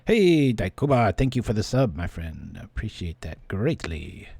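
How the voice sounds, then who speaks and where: Low, mellow-voiced man streaming a card game. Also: animated, normal speed, creaky, breathy edge, no echo. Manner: chatty, thinks aloud, thanks viewers. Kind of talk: casual gameplay commentary.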